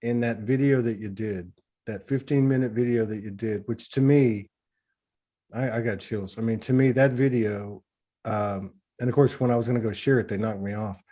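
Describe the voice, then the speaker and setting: A man's voice: on the low side, fairly even intonation, normal speed, dark tone. Emotional man hosting a livestream. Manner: emotional, effusive, rambling with restarts. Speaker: host of an online spiritual talk show. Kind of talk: casual livestream chat.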